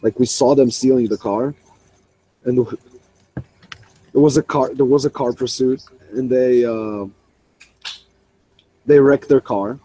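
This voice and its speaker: A young man in a voice chat, talking through a headset in a mellow, darker tone. He rambles and swears often, laughing at his own story. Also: mid-range voice, fairly even intonation, measured pace, long pauses, slight background noise, poor audio.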